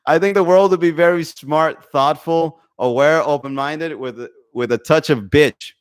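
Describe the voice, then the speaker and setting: A man's voice: a little high, takes it slowly, smooth. A man hosting a comedy podcast, chatting casually with his stream, rambling, swearing freely and laughing often. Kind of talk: casual livestream chat.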